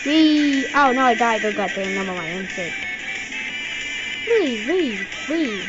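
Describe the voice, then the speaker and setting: A woman from India giving excitable let's-play commentary, yelping and exclaiming as she plays. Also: fairly high pitch, slow pace. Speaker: gaming channel host. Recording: dull lo-fi audio with game music. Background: game music.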